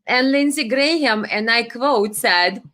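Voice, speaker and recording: A woman's voice: on the high side, a little slow, a bit bright. Impassioned woman hosting a livestream. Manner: impassioned and indignant, with frequent fillers and restarts. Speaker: livestream host. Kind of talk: live political commentary, reading viewer comments.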